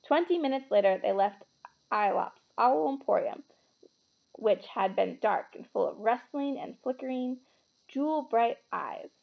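A woman reading a novel aloud with expressive storytelling. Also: fairly high pitch, unhurried, creaky, phone-quality sound. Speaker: reader.

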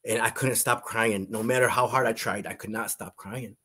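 A middle-aged man with a husky, breathy voice recounts a personal testimony. He speaks earnestly, circling back on his words and restarting sentences as he goes. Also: lowish voice, steady tone, normal speed, bright, forceful tone. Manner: earnest, repeats himself, frequent restarts. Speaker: guest sharing a testimony.

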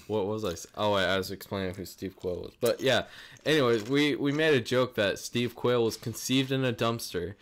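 A man's voice: lowish voice, a little fast. A young man hosting a casual podcast, joking with a friend and laughing often. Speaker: podcast host. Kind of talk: casual chat.

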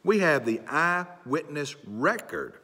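A pastor preaching earnestly and circling back to his key phrases. His mid-pitched voice is bright and forceful. It rings in the long reverb of a church sanctuary. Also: sing-song, slow pace, slightly rough. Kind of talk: sermon.

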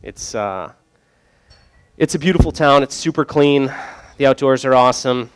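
A man's voice: medium pitch, moderate pace, clean tone. A young man working as a brewery sales rep, telling loose, joking stories to a group with lots of fillers. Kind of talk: casual storytelling to a group.

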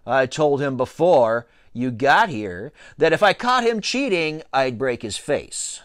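A bossy young pitcher who taunts and commands, put on by a man reading a children's book aloud. His lines come out loud and sure of themselves. The sound is dry and close, with animated, swinging pitch. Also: takes it slowly, no room sound. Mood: taunting bossy. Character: cocky bossy boy pitcher, a bully. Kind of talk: storybook reading.

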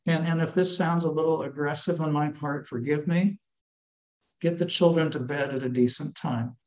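A man giving an earnest, teacherly church talk to married couples, slowing down to stress key words. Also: a little high, steady tone, darkish tone. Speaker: lecturer on marriage and scripture. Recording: echoey hall.

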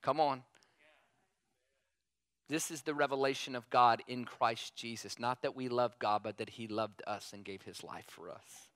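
A man preaching a sermon in a casual, animated way, telling a story and repeating emphatic refrains. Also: medium pitch, unhurried, clean tone, no room sound.

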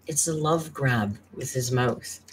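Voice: mid-range voice, slow pace, a little hiss or hum. Brief: worn-out, chatty live-stream host; casual chat, thanks viewers, reads messages aloud. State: tired, worn down by caregiving.

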